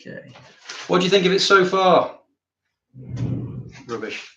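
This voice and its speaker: A man's voice: high voice, expressive, measured pace, a bit bright. Wry man chatting in a studio. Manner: chatty, wry, jokey asides. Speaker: artist. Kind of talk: casual talk while working. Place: art studio. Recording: roomy studio, faint noise.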